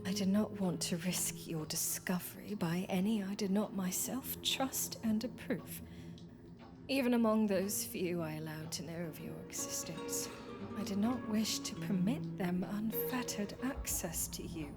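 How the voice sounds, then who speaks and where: A woman's voice: mid-range voice, unhurried, lightly acted. A woman voicing a possessive, whispering old friend. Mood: pleading. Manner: formal, archaic phrasing, slipping into whispers. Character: devoted, possessive old friend, quietly menacing. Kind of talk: visual novel voice acting. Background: game soundtrack music.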